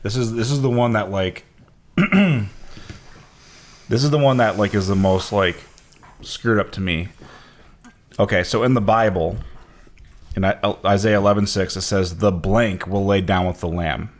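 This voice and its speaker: A man's voice: on the low side, a little slow, long pauses. A man co-hosting a podcast in casual chat, jumping in eagerly with repeated restarts.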